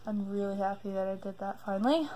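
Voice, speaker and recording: A woman's voice: mid-range voice, fast, dark tone, a little hiss or hum, poor audio. A young woman chatting upbeat to her viewers in a casual haul vlog from home, a little out of breath. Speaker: vlogger.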